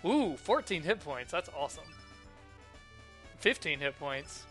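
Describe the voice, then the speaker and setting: A man's voice: fairly high pitch, very animated, measured pace, a bit bright, soft background music. A man hosting a let's play, thinking aloud and easily delighted as he plays. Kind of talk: casual gameplay commentary.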